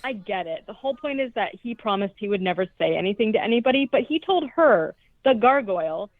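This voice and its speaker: A woman's voice: medium pitch, lively intonation, a little fast, no room sound. A woman podcast co-host recapping a horror movie in a chatty, profane way, with lots of "like". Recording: tinny phone-like, dry sound.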